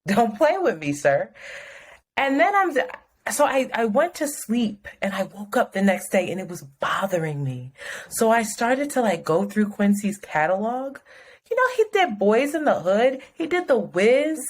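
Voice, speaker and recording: A woman's voice: fairly high pitch, big pitch swings, unhurried. Frank, profane woman telling a story. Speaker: podcast co-host. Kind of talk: casual chat.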